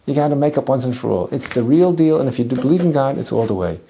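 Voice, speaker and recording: Warm-voiced man telling a lively lesson. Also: mid-range voice, quick pace. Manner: lively, humorous, sprinkled with Hebrew and Yiddish terms. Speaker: Torah teacher. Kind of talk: animated biblical storytelling lesson.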